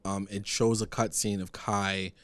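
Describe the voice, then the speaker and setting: Low-voiced man rambling through a recap. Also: little pitch movement, a little slow. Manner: rambling, filler-heavy, retells scenes. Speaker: podcast co-host. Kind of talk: casual TV recap chat.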